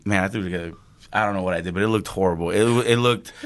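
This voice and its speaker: A man, a chef, telling a story casually on a podcast, animated and swearing, acting out quotes with laughs. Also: deep voice, rapid-fire. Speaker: chef guest.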